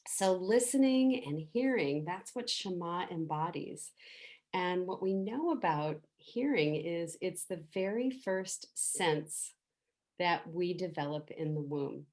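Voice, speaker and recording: A middle-aged woman teaching a meditation softly and without hurry, guiding listeners to make the sounds along with her. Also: low voice. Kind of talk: gentle spoken meditation teaching.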